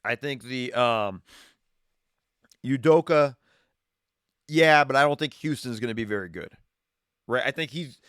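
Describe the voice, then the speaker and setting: A man's voice: mid-range voice, a bit bright, clean tone, no room sound, clean studio sound. Chatty man streaming from his garage. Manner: rambling, self-correcting, chatty. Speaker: streaming show host. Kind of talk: casual sports betting talk. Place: home garage with wood paneling. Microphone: streaming setup, green screen.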